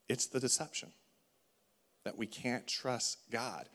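A man preaching a sermon, animated and conversational, acting out the voices in his stories. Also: medium pitch, slow pace, long pauses.

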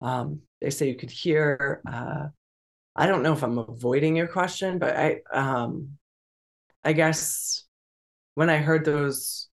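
Interview guest, video call audio, halting speech, frequent restarts, nervous laughs, mid-pitched voice. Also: gravelly. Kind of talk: candid conversational interview.

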